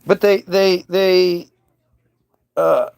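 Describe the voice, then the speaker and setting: A man's voice: high voice, fairly even intonation, drawn-out words, vocal fry, darkish tone, clean tone, no echo. A man talking in a heated, profane, unscripted monologue, stumbling and restarting his sentences as he goes. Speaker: vlogger.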